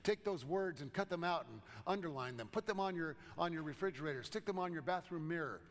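Pastor guy preaching, chatty and a bit funny, kinda high voice, big echoey church. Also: animated, fast. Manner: conversational, with gentle humor. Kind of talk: sermon. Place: church sanctuary. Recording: long reverb of a large church.

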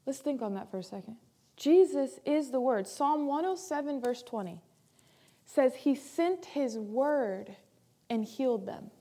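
High-voiced woman pastor preaching. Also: expressive, a little slow. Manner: emphatic preaching, repeats key phrases, swings between loud and soft. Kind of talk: sermon.

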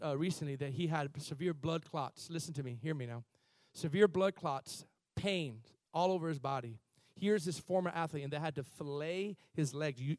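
A man preaching a sermon as pastor, building from quiet, halting passages to loud, impassioned peaks. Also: on the high side, dry recording, clean studio sound.

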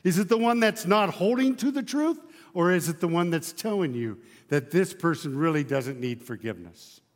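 A man's voice: a little high, animated, normal speed, big-room sound. A male pastor preaching a sermon, emphatic, driving his points home with repeated rhetorical questions.

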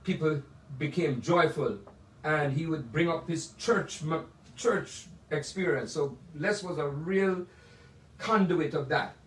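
A man's voice: a little high, slow. An older man from Jamaica with a Jamaican accent, telling rambling stories about his life as a jazz pianist, full of digressions and asides. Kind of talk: casual storytelling. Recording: roomy sound from a distant mic.

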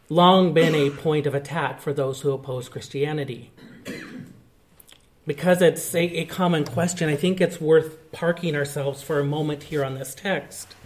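A male pastor preaching a sermon, explaining a point of scripture in an earnest, teaching manner. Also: on the high side.

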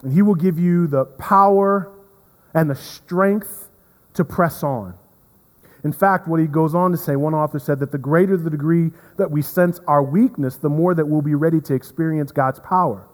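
A man preaching a sermon as pastor, earnest, repeating words and swinging from emphatic to hushed. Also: on the high side, normal speed. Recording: long reverb of a hall.

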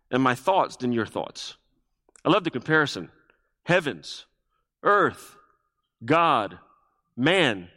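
A man's voice: on the high side, fairly bright tone. A male pastor preaching a sermon, asking the congregation questions and repeating key phrases for emphasis. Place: church sanctuary. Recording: long reverb of a church hall.

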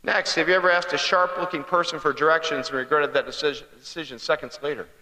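A man with a voice on the high side delivers a humorous sermon, telling stories and asking the congregation questions conversationally. He talks fast with fairly even intonation and a sharp tone, and the poor-quality audio has a roomy, big-room sound.

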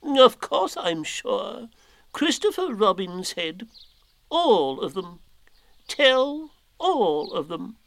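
A man's voice: sits high, sing-song, very slow, vocal fry, a bit bright, no room sound, voice pushed up, heavily acted. A man doing Owl, a fussy old bird. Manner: fussy, self-important, chuckling. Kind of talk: storybook reading.

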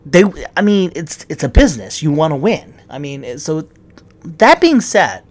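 A man's voice: a little high, very animated, moderate pace. Rambling, profane male ranter. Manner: rambling, profane, restarts a lot. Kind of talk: casual opinion rant.

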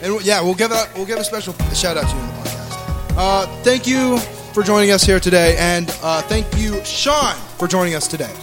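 A man's voice: high voice, brisk, music in the background. A young man co-hosting a casual podcast, reading the outro in a rambling way with restarts. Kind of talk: casual chat among friends.

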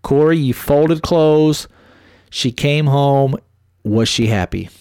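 A man's voice: mid-range voice, takes it slowly, a little mellow, smooth, dry recording, clean studio sound. Brash, profane man telling stories. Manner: brash, profane storytelling with acted-out quotes. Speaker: podcast host giving relationship advice. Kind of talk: casual podcast chat.

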